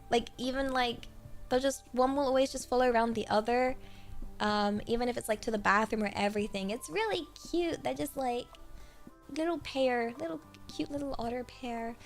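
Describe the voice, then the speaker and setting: A woman chatting casually on her livestream, rambling with many fillers and giggling often. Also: high voice. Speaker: streamer.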